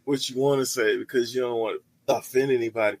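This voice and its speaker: A man's voice: medium pitch, fairly even intonation, fast, no echo, voice pushed down, lightly acted, poor audio. A man voicing his drunk, blunt friend at a bar, who rambles and turns defensive.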